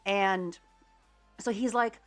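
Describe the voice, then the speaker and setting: A young adult woman livestreamer casually telling a story to her chat, animated and sarcastic, with some swearing. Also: mid-range voice, takes it slowly, faint music behind.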